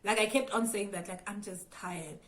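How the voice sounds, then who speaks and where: A woman's voice: medium pitch, moderate pace, a bit bright, poor audio. A young South African woman with a South African accent, telling her viewers a storytime vlog about being cheated on, acting out her own thoughts and speaking straight to the audience. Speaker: YouTuber.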